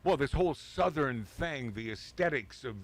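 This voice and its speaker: A man's voice: mid-range voice, lively intonation, moderate pace. A man hosting a talk radio show, reading news items aloud and joking with his co-hosts, laughing often. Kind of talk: casual talk radio banter.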